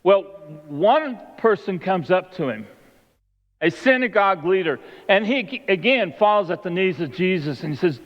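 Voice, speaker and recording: A man's voice: fairly high pitch, animated, moderate pace. A man preaching a sermon, retelling the story and acting out the voices of its people. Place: church sanctuary. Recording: long hall reverb, dull lo-fi sound.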